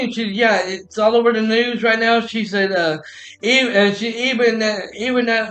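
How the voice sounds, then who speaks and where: A man's voice: high voice, fairly even intonation, normal speed, bright, forceful tone, faint music behind. A man telling a personal story in a casual, rambling way, often restarting and repeating "I said.".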